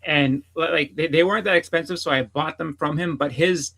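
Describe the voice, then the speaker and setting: A man's voice: a little high, brisk, vocal fry, fairly bright tone, poor audio. A man on a casual podcast telling a long rambling story, repeating "I was like" and swearing freely. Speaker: podcast co-host.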